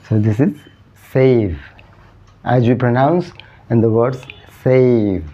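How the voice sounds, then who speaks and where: A man with an Odia accent teaching English pronunciation, repeating each vowel sound several times with drawn-out emphasis. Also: mid-range voice. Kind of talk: slow, deliberate spoken English lesson. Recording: slightly dull, lo-fi sound.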